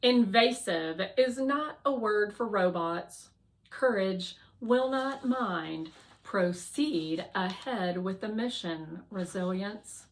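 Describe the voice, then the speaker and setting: A woman's voice: medium pitch, slow pace, lightly acted. A woman playing a prim, formal robot. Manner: prim and formal, dryly teasing. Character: formal, dry-witted guardian robot, stiff.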